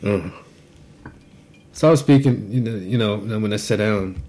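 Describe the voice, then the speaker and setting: A man's voice: lowish voice, expressive, normal speed, a little mellow. Profane man ranting on a podcast. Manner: profane, rambling storytelling with repeated restarts. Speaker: podcast co-host. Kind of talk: casual podcast rant.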